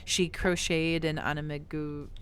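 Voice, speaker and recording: A woman hosting a podcast, chatting casually in an animated, playful way with frequent restarts. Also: low voice, smooth. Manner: animated, quick restarts, playful sing-along bits. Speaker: podcast host. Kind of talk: casual chat.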